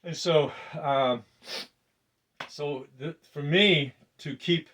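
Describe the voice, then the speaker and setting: An older man casually demonstrating a weight workout, loose and chatty, laughing often and breathing deeply between sets. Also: extremely slow, a bit bright, recorded from a distance. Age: 60s. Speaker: fitness presenter. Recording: voice from off the mic.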